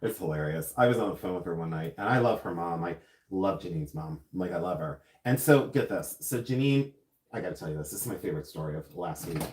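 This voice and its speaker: In a reverberant jewelry studio, a man hosts a live silversmithing stream, chatting casually and telling rambling, tangent-filled stories as he demonstrates jewelry making. His voice is low, dark and expressive, and he talks fairly quickly.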